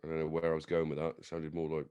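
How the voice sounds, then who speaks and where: A man hosting a podcast, chatting casually with blunt, sweary banter and animated storytelling. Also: a bass voice, rapid-fire, smooth, no echo. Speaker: podcast host. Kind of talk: casual chat.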